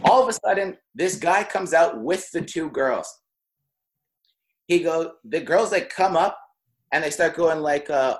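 A man's voice: fairly high pitch, lively intonation, measured pace. A young man telling a long anecdote in casual podcast chat, full of "like" and laughing through it. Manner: rambling, heavy on "like", laughs mid-story.

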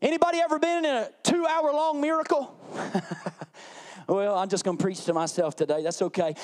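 A man's voice: very high voice, fairly even intonation, a little fast. A man preaching a sermon, acting out voices and repeating phrases for effect. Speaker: pastor. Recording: faint music behind.

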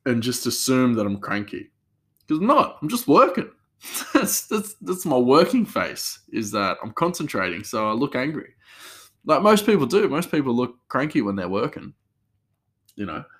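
A man's voice: mid-range voice, sing-song, moderate pace. A man, hosting a podcast as a chef, chatting casually in a rambling way with many restarts. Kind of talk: casual solo podcast chat.

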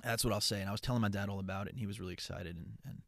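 A man's voice: lowish voice, racing, gravelly, a bit bright. A young man chatting casually to his online followers, rambling and swearing freely, upbeat and earnest. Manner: rambling and profane, with frequent restarts. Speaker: content creator. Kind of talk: casual chat.

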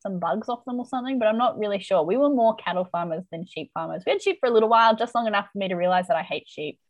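A woman's voice: medium pitch, rapid-fire, no echo, muffled recording. A woman co-hosting a podcast, chatting casually through an episode recap with lots of "like" fillers. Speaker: podcast co-host.

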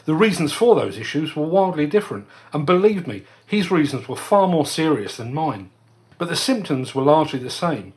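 Male podcast host, earnest scripted monologue, lively pitch, slightly high voice. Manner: earnest, measured storytelling.

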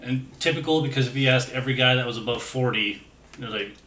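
A man on a podcast telling a story in a relaxed, halting way, with fillers and swearing. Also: mid-range voice, far from the mic, slight background noise. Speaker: podcast co-host. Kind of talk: casual storytelling chat. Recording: echoey room, somewhat off-mic, faint ambience.

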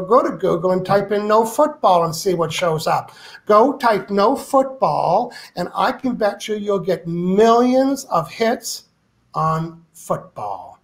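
A man speaking as a guest author in an interview, emphatic and playful, acting out quoted complaints. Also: sits high. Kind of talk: animated interview talk.

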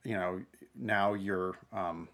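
A middle-aged man co-hosting a casual podcast, talking in an animated way, laughing and often breaking off to restart his sentences. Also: sits low, slow pace. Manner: animated, laughing, self-interrupting. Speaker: podcast co-host.

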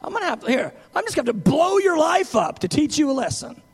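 A man's voice: very high-pitched, very animated, fast, big-room sound, pitched above the performer's own voice, full character voice. A preacher voicing an imagined male God who scolds people like a fed-up teacher, mocking and impatient. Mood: exasperated. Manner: mocking, impatient, shouting insults.

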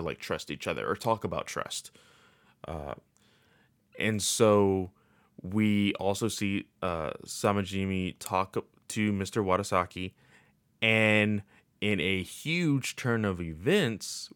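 A man's voice: deep voice, a bit bright, no echo, clean studio sound. A man casually recapping a game's story in a rambling way, with lots of filler words. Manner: rambling, filler-heavy with many uh and like.

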